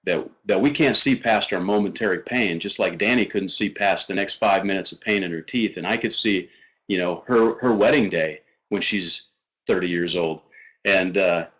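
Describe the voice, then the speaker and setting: A middle-aged man telling a personal faith story as a guest, earnest and halting, with many fillers and restarts. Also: deep voice, fairly bright tone, rough recording.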